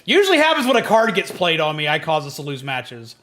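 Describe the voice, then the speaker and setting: A man's voice: on the high side, fast, a little hiss or hum. A man streaming a game, chatting casually and yelping at the action. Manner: excitable, yelps at game action. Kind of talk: casual gaming stream chat.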